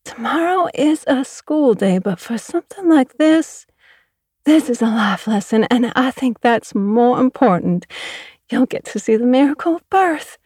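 A woman's voice: on the high side, lively intonation, measured pace, a little mellow, husky, dry recording, studio quality, voice pushed up. A woman reading an audiobook, voicing a fussy, gushing middle-aged mother who talks in a prim way.

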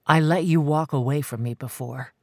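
A reader voicing a determined man who speaks calmly and firmly, refusing to back down. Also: normal speed, no echo, studio quality, lightly acted. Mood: calm, insistent. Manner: calm, firm, low-key. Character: determined man, calm, insistent, devoted. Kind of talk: audiobook character voice.

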